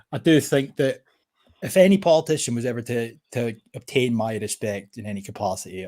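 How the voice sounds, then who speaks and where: A man's voice: medium pitch, a little mellow. A Scottish man ranting bluntly and swearing a lot, co-hosting a casual commentary stream. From Scotland. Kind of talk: casual political commentary chat.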